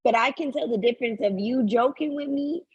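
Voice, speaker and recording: Blunt, husky woman chatting. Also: sits high, a little fast, no room sound, lo-fi sound. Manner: sarcastic, blunt and animated. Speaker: podcast co-host. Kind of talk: casual chat.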